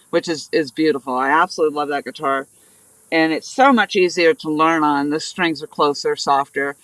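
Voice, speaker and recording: Her voice is fairly low, pushed, and bright, captured roughly with no room sound. She's a New Hampshire woman hosting a laid-back fishing livestream from a riverbank, rambling through stories and welcoming viewers by name.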